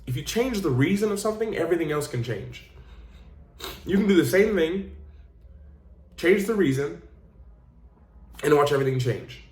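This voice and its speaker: An earnest man coaching his audience, leaning on repetition and emphasis as he tells stories. His voice sits a bit high for a man, and the room adds a clear echo. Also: lively intonation, normal speed, pauses often, a little mellow. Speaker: life coach and channel host. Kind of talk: motivational talk. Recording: roomy echo.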